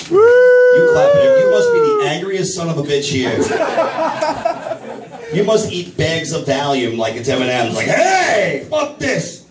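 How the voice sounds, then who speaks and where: A middle-aged man doing a crude, rambling stand-up set for a live audience, bursting into shouted voices for his own reactions. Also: medium pitch. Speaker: stand-up comedian. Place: comedy night at a vape shop, live audience. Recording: roomy live venue, mic from a distance, crowd noise. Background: audience laughter and clapping.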